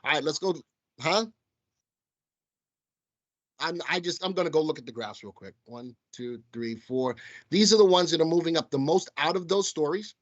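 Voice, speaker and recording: A man's voice: fairly high pitch, expressive, normal speed, long pauses, muffled recording. A man with a Southern accent hosting a live stock market show, talking casually to viewers he calls folks. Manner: chatty, addresses viewers as folks. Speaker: stock market livestream host. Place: studio.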